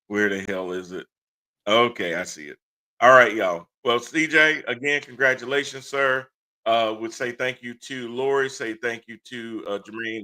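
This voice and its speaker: A man's voice: lowish voice, bright, forceful tone. A man hosting a casual livestream talk show, blunt and impassioned, laughing often. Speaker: host.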